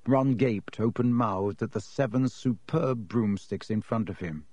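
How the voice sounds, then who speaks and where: Male audiobook narrator, expressive, dry close recording. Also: lowish voice, a little slow, no echo. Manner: reads expressively, voices each character.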